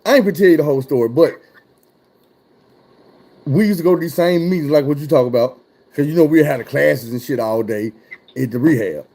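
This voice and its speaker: A man telling a profane, animated personal story in casual talk. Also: a little high, brisk, pauses often. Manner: profane, animated, acts out voices.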